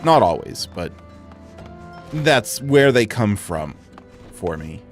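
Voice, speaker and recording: Brief: American let's-play host, animated pitch, casual and chatty, faint game music. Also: male voice, takes it slowly, long pauses. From United States. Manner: chatty, self-deprecating asides. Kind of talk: casual gameplay commentary.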